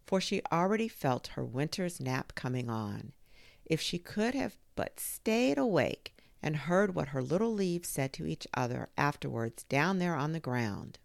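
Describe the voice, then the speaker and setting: A middle-aged woman reads a storybook aloud, unhurried and gentle. Her low voice has a gravelly edge, yet rises and falls with a lively pitch. The sound is close and dry. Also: dry recording. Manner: gentle, expressive reading with lively voiced quotes. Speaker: storytime reader.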